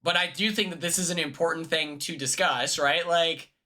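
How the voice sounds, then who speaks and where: A man's voice: fairly high pitch, steady tone, moderate pace, sharp tone. A man streamer reacting to a clip in casual chat, hesitant and repeating words as he thinks aloud.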